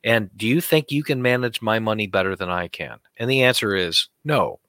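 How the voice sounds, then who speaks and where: Blunt, heated male co-host, forceful tone, lowish voice, dry studio sound. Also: normal speed, no echo. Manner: blunt, fired-up ranting. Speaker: talk show co-host. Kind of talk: heated political chat.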